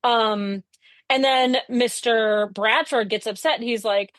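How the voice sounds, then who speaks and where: A woman's voice: on the high side, a little slow, no room sound. A woman co-hosting a comedy podcast, wryly summarizing episodes in casual chat. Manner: wry, plot-summarizing. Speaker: podcast co-host.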